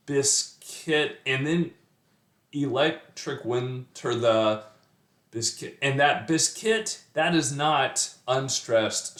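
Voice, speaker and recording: A man's voice: medium pitch, fairly bright tone, roomy sound. A middle-aged man talking through a poem's meter and rhyme in a loose, thinking-aloud way, full of fillers and restarts. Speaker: poetry teacher. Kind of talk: casual poetry analysis.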